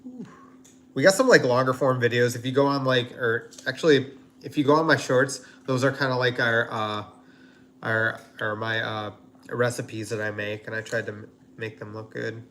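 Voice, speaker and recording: A man's voice: mid-range voice, moderate pace, a bit bright. A man hosting a casual cooking livestream from his home kitchen, rambling and chatty with lots of fillers. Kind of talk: casual live-stream chat.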